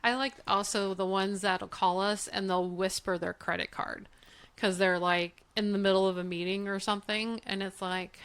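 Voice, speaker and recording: A middle-aged woman co-hosting a casual podcast chat, relaxed and quick to laugh. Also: mid-range voice, smooth. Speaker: podcast co-host.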